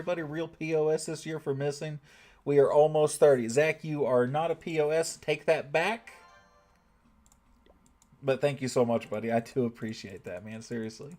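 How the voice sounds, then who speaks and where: A man from the United States streams a strategy game, chatting casually and thanking viewers in chat by name. His voice is fairly high in pitch and a little mellow.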